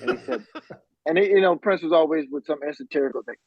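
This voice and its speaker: A man's voice: fairly high pitch, quick pace, gravelly, highs cut off. A man, a podcast guest and musician, telling stories casually with slang and bursts of laughter. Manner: animated, laughing storyteller with slang. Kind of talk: casual storytelling.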